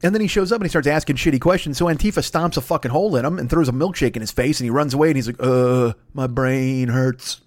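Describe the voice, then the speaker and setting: Fast-talking, foul-mouthed middle-aged man ranting. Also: fairly high pitch, no echo. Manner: crude, swearing, animated storytelling. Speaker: podcast host. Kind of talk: profane comedic rant.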